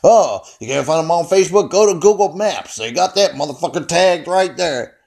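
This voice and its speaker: A man's voice: fairly high pitch, animated, normal speed, vocal fry, darkish tone, slightly rough. A man ranting angrily and off the cuff at home, swearing constantly and rambling into his phone. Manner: angry, heavily profane, rambling. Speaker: vlogger. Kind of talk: unscripted profane rant. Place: indoors at home, seated.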